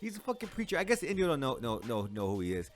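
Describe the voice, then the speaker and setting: A man's voice: mid-range voice, wildly swooping pitch, fast. A man casually reacting to a movie, talking in profane slang and laughing often. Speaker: movie reviewer.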